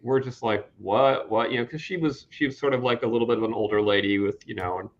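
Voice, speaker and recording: A man, a game designer, talking in a relaxed casual chat. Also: mid-range voice, fast, highs cut off.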